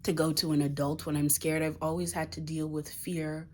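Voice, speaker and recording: A woman's voice: deep voice, level tone, normal speed, a little mellow, slight background noise. A woman speaking candidly in a confessional personal vlog, emotional and swearing casually. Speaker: vlogger.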